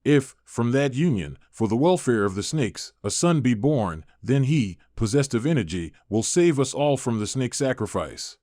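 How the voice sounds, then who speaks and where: A man's voice: medium pitch, sing-song, normal speed, few pauses, dark tone, no room sound, studio quality, natural voice. A man voicing an anxious serpent king who pleads formally with his sister in an audiobook.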